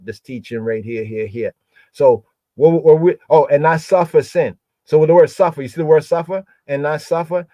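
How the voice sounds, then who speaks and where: Man, bible study host, mid-pitched voice, dry close sound, drawn-out repeated words, frequent "right?". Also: a little mellow, dry recording. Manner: repeats key words slowly, keeps asking "right?". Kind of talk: livestreamed bible word study.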